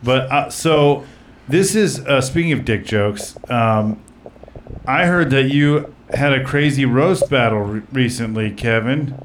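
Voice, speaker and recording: A man's voice: medium pitch, a little slow, slight background noise. A man hosting a comedy podcast in casual chat, rambling with lots of fillers and narrating an absurd roast story. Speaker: podcast host.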